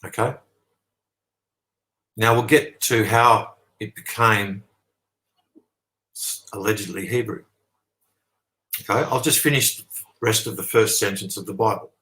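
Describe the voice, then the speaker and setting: A lowish, grounded male voice with an Australian accent, holding forth at length as a guest. He drives his points home with stress on key words and keeps pausing to ask "okay?" before pressing on. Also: sharp tone, poor audio. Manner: emphatic, checks in with "okay?", leans on "sort of". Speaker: interview guest. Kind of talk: long explanatory monologue.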